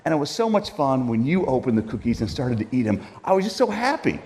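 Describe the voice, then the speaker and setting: A man's voice: mid-range voice, sing-song, quick pace, darkish tone. A man preaching, putting on the voice of a kind, cheerful grandfatherly old man in a sermon story. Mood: delighted. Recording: long hall reverb.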